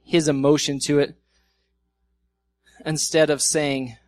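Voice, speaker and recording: Pastor preaching in a chatty, playful manner. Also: male voice, on the high side, animated, moderate pace, no room sound. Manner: conversational, acts out quoted arguments with humor. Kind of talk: sermon. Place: church.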